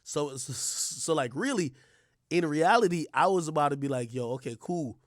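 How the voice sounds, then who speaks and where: A young man streaming, telling a crude story in a casual, profane way, swinging from low mumbles to loud outbursts. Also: moderate pace, dry recording, clean studio sound. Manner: animated, profane, swings between mumbling and yelling.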